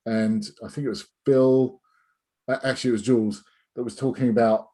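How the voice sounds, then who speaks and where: A man's voice: medium pitch, fairly even intonation, a little fast, mellow, husky. A middle-aged man teaching a sales masterclass over a video call, rambling with many restarts and fillers. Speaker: sales trainer.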